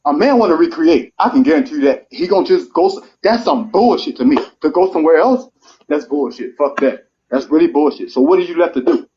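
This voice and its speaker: An earnest man in his thirties, appearing as a guest on a live stream, speaks in a slightly high, expressive, warm voice at a somewhat quick pace. His emotional monologue starts sincere and climbs to heated pleading. The stream sounds muffled, with a little background noise.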